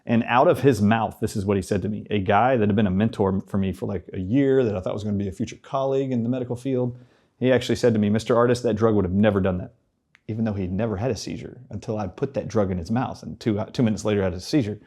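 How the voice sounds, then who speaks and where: A guest on a talk show, a man telling a story in a low, warm voice. he speaks with animation and acts out each remembered line of dialogue in turn. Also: fast talker. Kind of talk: storytelling in a conversational interview.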